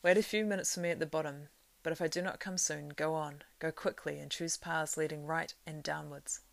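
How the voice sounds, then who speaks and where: A stern old wizard, as a woman reader puts him on, barks urgent orders in a low, gravelly voice. Close and dry. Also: fairly even intonation, brisk, dry recording. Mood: commanding. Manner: urgent, forceful commands.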